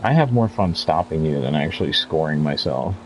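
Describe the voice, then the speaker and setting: A man's voice: a bass voice, animated, a little fast, slight background noise. A talkative man in his fifties chatting casually over gameplay as a streamer, rambling from story to story and laughing often. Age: 50s. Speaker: gaming streamer.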